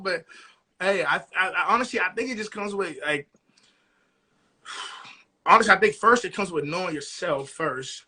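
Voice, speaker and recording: A man's voice: high voice, normal speed, long pauses, sharp tone. A young man co-hosting a podcast, chatting casually and animatedly, often asking "you know what I'm saying". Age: young adult. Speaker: podcast co-host. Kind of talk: casual chat.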